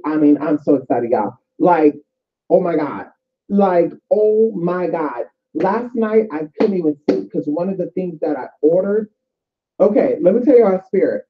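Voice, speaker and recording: A woman's voice: lowish voice, a little hiss or hum. Profane chatty woman on a tinny recording. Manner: profane, chatty, addresses viewers as y'all. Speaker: spiritual vlogger. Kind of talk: casual spiritual advice and storytelling. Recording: tinny phone-like sound.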